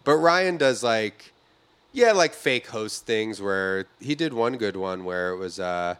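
A man's voice: fairly low pitch, lively intonation, takes it slowly, a bit bright, clear, resonant tone. Rambling male podcast host telling stories. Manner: rambling storyteller who acts out quoted voices. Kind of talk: casual chat.

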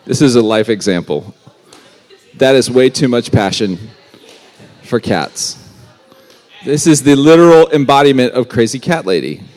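A man giving a casual youth sermon, conversational and animated with everyday slang. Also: mid-range voice, a little slow, pauses often. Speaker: youth pastor.

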